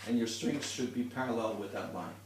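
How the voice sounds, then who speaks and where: Talking a little fast in a medium-pitched voice, a man guides a student through a one-on-one violin lesson. The distant, roomy recording has background noise, and he stays patient, demonstrating and starting over as needed.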